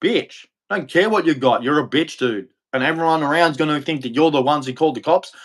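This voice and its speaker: A man's voice: on the high side, fairly quick, fairly bright tone. An Australian man livestreaming an angry, profane rant, repeating insults over and over. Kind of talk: angry ranting monologue.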